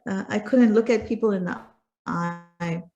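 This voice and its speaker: A woman's voice: medium pitch, measured pace, dark tone, muffled recording. A woman guest in an interview, telling her own story in an earnest way and repeating words for emphasis. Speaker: guest speaker. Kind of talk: personal storytelling in a conversation.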